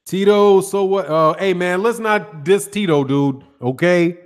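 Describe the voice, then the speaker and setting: His voice sits high, with a clean tone and an unhurried pace. A Chicago-accented host from the North Side, he leads a boxing channel live stream, talking in easy slang and saying hello to chat viewers by name.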